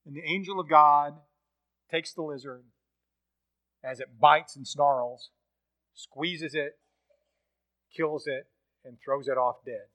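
Male preacher, fairly high and bright voice, storytelling sermon delivery. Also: steady tone, takes it slowly, long pauses. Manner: storytelling, acts out quoted dialogue.

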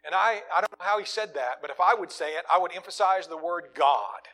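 A man preaching a sermon, swinging from loud, emphatic lines to quiet, low asides. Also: a little fast.

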